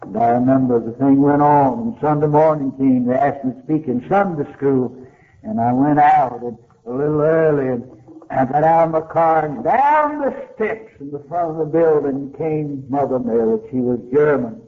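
An older man preaches with fervor, his pitch leaping up and falling away as he tells his story. The recording is thin and tinny, like an old tape heard down a phone line. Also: moderate pace. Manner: impassioned storytelling with wide swings of pitch. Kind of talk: sermon.

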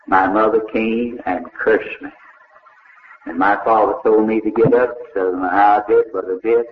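An older preacher tells a story slowly and dramatically, voicing its people in turn. His voice sits a little low. The old recording is echoey and thin, as though heard over a phone line. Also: slight background noise. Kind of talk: sermon storytelling.

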